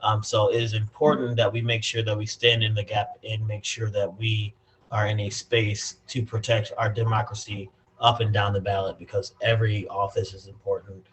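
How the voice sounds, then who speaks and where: A man's voice: fairly low pitch, level tone, moderate pace, fairly bright tone, slight background noise, low-quality recording. Emphatic man organizer on a laptop call. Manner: emphatic, preachy, many fillers. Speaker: party community organizer. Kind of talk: remarks on a video call. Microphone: laptop on a video call.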